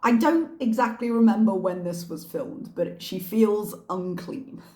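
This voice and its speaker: A woman hosts a casual reaction commentary, her asides wry and sarcastic. Her mid-pitched voice carries a roomy echo from the space around her. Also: a little slow, darkish tone. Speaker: reaction channel host. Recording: echoey room.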